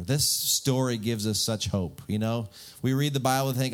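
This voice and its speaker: A man delivers a sermon with casual humor and frequent rhetorical questions to his listeners. His pitch sits at an ordinary middle level for a man. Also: a little fast. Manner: lively, joking, rhetorical questions. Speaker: pastor.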